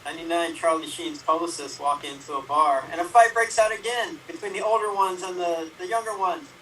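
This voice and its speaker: A man improvising bar jokes in a rambling way, with a high and bright voice. He sounds a little far from the mic, with faint background noise. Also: fairly even intonation, fairly quick. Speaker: improv player. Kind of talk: telling quick setup-punchline jokes.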